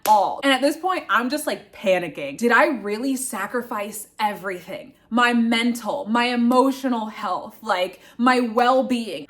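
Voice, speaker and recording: A woman in her twenties telling a casual storytime vlog, animated and swearing, acting out her own panicked thoughts. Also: medium pitch. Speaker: grad student storyteller.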